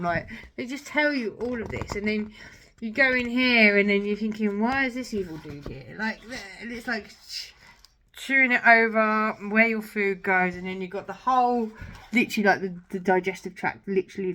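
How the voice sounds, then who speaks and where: A woman's voice: mid-range voice, a bit bright. A young woman, casually showing old children's books to her viewers in a chatty, gushing way with lots of filler words. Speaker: vlogger. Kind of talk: casual book show-and-tell.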